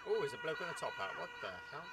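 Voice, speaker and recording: Man, let's-play commentator, lively chatter, slightly high voice, noisy recording. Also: racing. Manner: excitable, chattering, cheering the game on. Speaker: gaming YouTuber. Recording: loud background noise.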